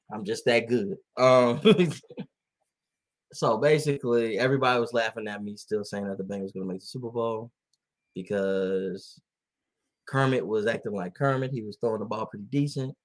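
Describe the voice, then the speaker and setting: A man chatting casually on a podcast, telling animated stories and laughing often. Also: on the low side, moderate pace. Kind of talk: casual chat.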